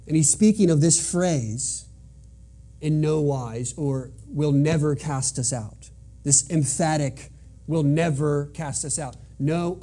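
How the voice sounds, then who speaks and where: A man's voice: on the high side, mellow. A man preaching a sermon in an earnest, emphatic way, driving points home by repeating them. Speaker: pastor.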